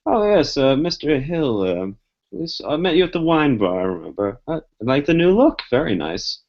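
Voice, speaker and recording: A man voicing a polite, hesitant vampire man who talks haltingly and formally in a tabletop game, on a muffled, lo-fi recording. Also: on the high side, sing-song.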